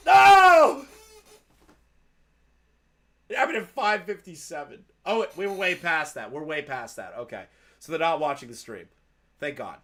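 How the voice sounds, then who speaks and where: A man commenting casually on a live stream, excitable and mocking, with bursts of shouting. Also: medium pitch.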